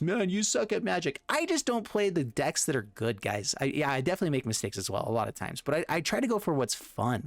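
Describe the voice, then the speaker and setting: A man hosting a gaming video, talking casually in a rambling, animated way with lots of restarts and fillers. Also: mid-range voice, no echo. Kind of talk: casual gameplay commentary.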